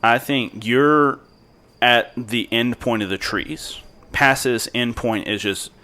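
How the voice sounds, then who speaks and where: A man's voice: medium pitch, slow pace, pushed and bright. A man narrating as game master of a tabletop role-playing game, describing scenes in an easygoing, descriptive way.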